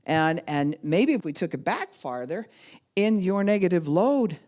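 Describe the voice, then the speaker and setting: A woman pastor teaching a class in a conversational way, acting out other people's words in quick voices. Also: on the low side, sing-song, a little mellow. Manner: conversational, with frequent "you know" and "right?".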